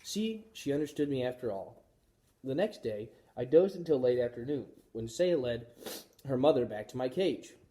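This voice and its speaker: A male teacher reads a children's chapter book aloud, telling the story expressively for young listeners. His voice is mellow and warm, its pitch moves in a lively way, and he keeps a moderate pace.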